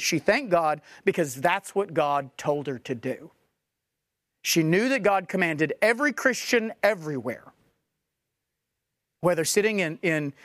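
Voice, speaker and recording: Male pastor, animated sermon delivery, expressive pitch, dry mic. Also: no echo. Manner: animated, acts out back-and-forth dialogue. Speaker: preacher.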